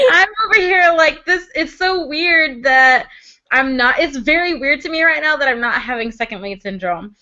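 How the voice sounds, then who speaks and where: A woman's voice: sits high, lively intonation, measured pace, sharp tone, highs cut off. A young woman reviewing a TV drama in casual chat, gushing and laughing as she acts out characters' lines.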